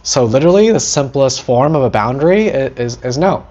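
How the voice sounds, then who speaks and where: A man hosting a teaching talk about setting boundaries, animated, acting out short quoted lines and often asking "right?". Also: mid-range voice, a little fast, few pauses, highs cut off. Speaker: host.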